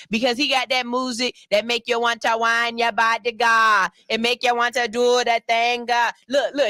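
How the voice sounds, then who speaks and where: A woman hosting a radio show in a studio, talking in animated, joking slang with shouted hype calls. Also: on the high side. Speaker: radio host. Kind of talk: casual radio interview banter.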